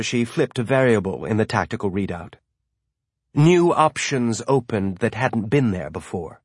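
Husky-voiced male audiobook narrator. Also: mid-range voice, no room sound, studio quality. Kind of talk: scripted narration.

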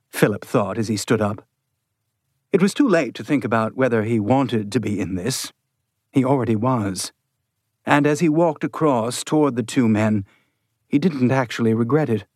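A man narrates an audiobook in a measured, steady storyteller's voice. His pitch sits in the middle of the range. The recording is close and dry with no room sound. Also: no room sound. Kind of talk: scripted narration.

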